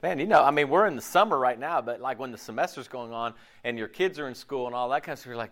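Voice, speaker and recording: A middle-aged pastor delivers a casual, conversational sermon, chatty and animated, full of slangy asides and frequent restarts. He speaks at medium pitch and a quick pace with hardly any pauses.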